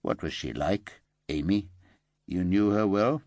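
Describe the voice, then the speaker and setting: A man voicing a calm, grave police detective sergeant who speaks softly and measuredly in an audiobook. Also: deep voice, dry recording. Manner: soft, measured.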